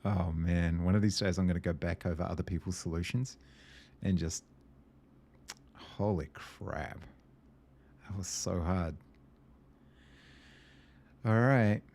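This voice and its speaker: Deep-voiced man thinking aloud over a puzzle game. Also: takes it slowly, pauses often. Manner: muttering to himself, hesitant, excitable. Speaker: gameplay video host.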